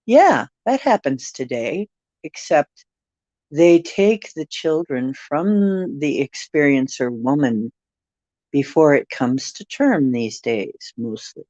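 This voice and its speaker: A woman's voice: low voice, dark tone, dry recording, muffled recording. A woman hosting a casual livestream, musing and rambling while she answers viewer comments. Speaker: livestream host reading viewer chat.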